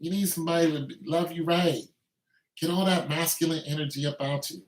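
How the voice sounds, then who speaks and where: A man's voice: on the high side, fairly even intonation, brisk. Blunt, preachy man in an echoey room. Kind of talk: casual rant with improvised singing.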